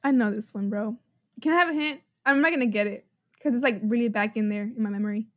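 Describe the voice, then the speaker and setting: A woman's voice: on the high side, fast talker, no room sound, clean studio sound. A young woman co-hosting a podcast, chatting casually and laughing a lot as she recalls viral clips. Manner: giggly, animated, quotes viral clips in put-on voices. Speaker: podcast co-host, quiz contestant. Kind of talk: casual chat.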